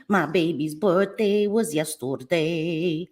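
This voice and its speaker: A woman hosting a casual livestream, lively and affectionate, greeting viewers by name with pet names like sweetie pie. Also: on the low side, unhurried. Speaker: livestream host. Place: home in New Jersey.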